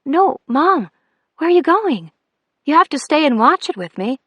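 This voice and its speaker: A woman voicing an eager, emotional teenage girl in an audiobook, talking in pleading, high-pitched outbursts. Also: big pitch swings, moderate pace, fairly bright tone, no room sound.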